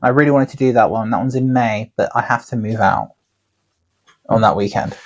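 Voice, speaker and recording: Husky man telling rambling stories. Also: mid-range voice, fairly quick, highs cut off. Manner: rambling, sweary anecdotes. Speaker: podcast co-host, tattooer. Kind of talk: casual storytelling chat.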